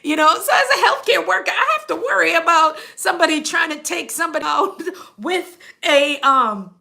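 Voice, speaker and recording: A middle-aged Jamaican nurse who hosts a channel tells workplace stories in a chatty monologue, laughing often and quoting people. Her voice is extremely high, animated, bright and pushed, with vocal fry, at normal speed.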